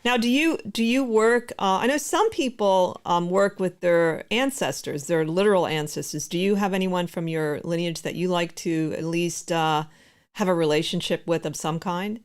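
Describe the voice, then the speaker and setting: A woman host with a smooth, clear voice that sits a bit low. She listens closely and asks thoughtful follow-up questions in an easy conversational tone. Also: normal speed. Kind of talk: interview conversation.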